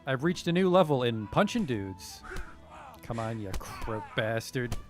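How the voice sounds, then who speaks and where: A man's voice: mid-range voice, sing-song, a little slow, over music. A young man giving casual, joking, profane commentary while streaming a game, sometimes reading tutorial text aloud.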